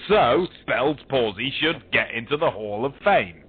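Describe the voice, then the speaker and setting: A British man calling in to a talk show, joking crudely in a deadpan way. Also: medium pitch, unhurried, slight background noise. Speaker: caller. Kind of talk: casual call-in chat. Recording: phone-line audio.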